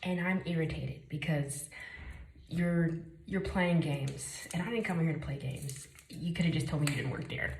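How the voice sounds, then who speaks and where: Young woman vlogger, lowish voice, chatty story time in an echoey room with faint hiss. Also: moderate pace. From Chicago. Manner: animated, jumps between whispers and bursts of exclaiming. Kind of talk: casual story time while doing makeup.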